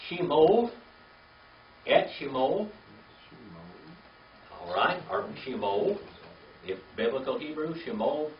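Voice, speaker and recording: An older man teaching a classroom Hebrew reading lesson, patient and slow, spelling words out letter by letter. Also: mid-range voice, a little hiss or hum. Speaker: Bible language teacher. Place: classroom with a small group. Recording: echoey, distant, dull lo-fi room recording.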